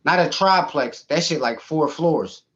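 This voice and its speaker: Podcast co-host, male, fairly high voice, lively swearing storyteller, muffled lo-fi audio. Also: a little slow. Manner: animated, profane, laughs often. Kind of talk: casual storytelling chat.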